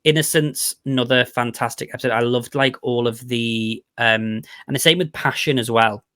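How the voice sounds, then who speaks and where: Man, podcast host, casual chat, rambling, enthusiastic, mid pitch, dry close sound. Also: steady tone, normal speed, bright, forceful tone, no echo. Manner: chatty and rambling, full of "like" and restarts; enthusiastic, gushing about favorites. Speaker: podcast host reviewing a TV series.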